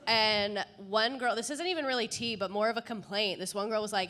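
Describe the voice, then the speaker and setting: A woman's voice: medium pitch, brisk, few pauses, a bit bright, slight background noise. A woman telling chatty, wry classroom stories on a comedy club stage. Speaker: comedian and high school teacher. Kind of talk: live comedy Q&A storytelling.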